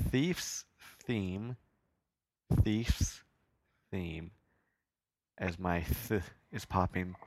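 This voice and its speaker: A man's voice: on the low side, fairly bright tone, dry recording. A man with a Canadian accent hosting a podcast, chatting casually and rambling about songs with self-mocking asides. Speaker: podcast host.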